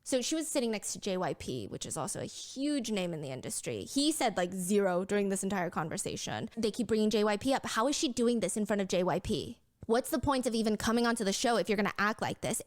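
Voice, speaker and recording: A woman hosting a commentary show, narrating a story and reading out comments in a brisk, pointed, incredulous way. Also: mid-range voice, expressive. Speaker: commentary podcast host. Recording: played back inside a reaction video.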